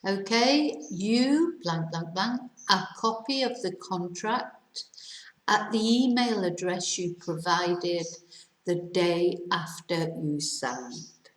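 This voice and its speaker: British woman, english teacher, slow careful delivery, echoey room. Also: lowish voice. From Britain. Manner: careful slow dictation with countdowns. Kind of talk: slow English lesson, reading quiz sentences.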